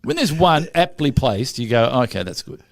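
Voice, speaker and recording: Australian man, podcast co-host, gravelly and wry, dry studio sound. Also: mid-range voice, wildly swooping pitch, normal speed, dry recording. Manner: wry, tells anecdotes. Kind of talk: casual chat.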